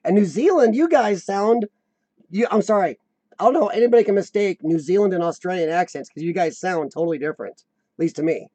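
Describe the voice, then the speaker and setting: Midwest guy rambling on a livestream, kinda rough voice, pretty high and mellow, dry sound. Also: animated, fast talker, no room sound. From United States. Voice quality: slightly rough voice from lung problems. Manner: rambling, chatty, laughs often, answers viewers by name. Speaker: livestream host. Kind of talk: casual live chat reading comments.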